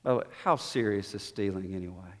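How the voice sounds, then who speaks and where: A man preaching a sermon as pastor, swinging between quiet, low-spoken passages and emphatic, raised declarations. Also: quick pace. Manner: dynamic preaching, dropping to soft low tones and rising to emphatic. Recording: long reverb of a hall.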